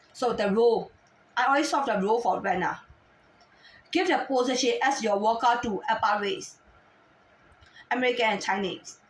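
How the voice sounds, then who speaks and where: High-voiced scolding woman in a roomy space. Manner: agitated, scolding, repeated rhetorical questions; halting non-native English phrasing. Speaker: vlogger. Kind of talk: ranting monologue to camera. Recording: roomy sound from a distant mic.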